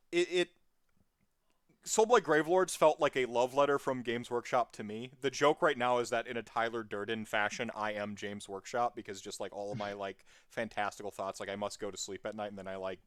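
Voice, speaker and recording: Podcast guest, casual chat, rambling, animated, mid pitch, dry close mic. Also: normal speed, dry recording. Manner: rambling, animated, full of tangents and fillers.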